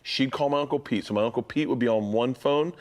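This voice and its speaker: A man hosting a podcast, telling stories in a casual, animated way and laughing often. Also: medium pitch, fast. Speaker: podcast host. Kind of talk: casual chat.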